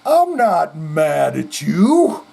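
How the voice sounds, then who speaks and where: Drunk, belligerent rock frontman, slurred and taunting, pitched a bit high and husky, as a male host puts him on. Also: wildly swooping pitch, very slow, warm tone, exaggerated voice. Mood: defensive.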